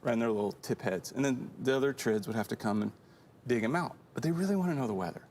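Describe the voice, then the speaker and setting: A man co-hosting a relaxed talk show, telling a rambling joke with a lively, swooping delivery that jumps between registers. His voice sits at an ordinary pitch with a faint hum of room ambience behind him. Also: quick pace. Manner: animated storyteller, jumps into high squeaky voices for characters. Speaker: co-host. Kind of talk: casual joke-telling chat.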